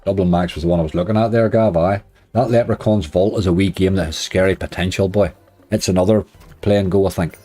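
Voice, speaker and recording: Late at night, a man runs a slots live stream, talking casually, welcoming viewers and laughing often. He speaks quickly in a low, dark-toned voice with fairly even intonation, over soft background music.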